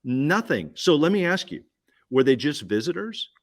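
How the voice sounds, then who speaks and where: A man giving an energetic business pitch at a roundtable, punchy and repetitive, firing questions at the listener. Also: normal speed. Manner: punchy, repeats key phrases, asks listener questions. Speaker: guest speaker.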